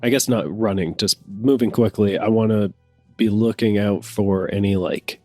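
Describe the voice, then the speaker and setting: A man's voice: lowish voice, steady tone, normal speed, mellow, dry recording, faint music behind. A man playing a tabletop game, talking casually and hesitantly, thinking aloud with fillers. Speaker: player. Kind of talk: casual chat.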